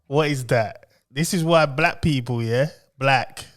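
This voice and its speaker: A man's voice: mid-range voice, a little slow. A young adult man co-hosting a podcast, teasing his co-host in casual banter and laughing often.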